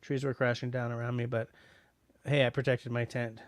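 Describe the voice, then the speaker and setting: A man's voice: mid-range voice, level tone, normal speed, no room sound. A middle-aged man from Canada hosting a casual livestream, reading out chat messages and rambling with lots of restarts and fillers.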